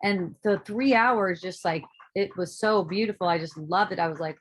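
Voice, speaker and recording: A woman's voice: fairly low pitch, moderate pace, hardly any pauses. A woman telling a personal story in a candid, casual monologue, talking the way she would to a friend. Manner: candid, casual and animated, with frequent "um" and "like", occasional swearing. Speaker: spiritual speaker and author.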